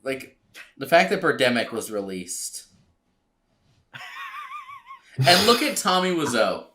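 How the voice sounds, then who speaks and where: A man's voice: mid-range voice, very animated, moderate pace, pushed and bright, a little hiss or hum. A man on a casual podcast who stammers and restarts a lot, often cracking jokes. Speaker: podcast co-host. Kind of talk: casual chat.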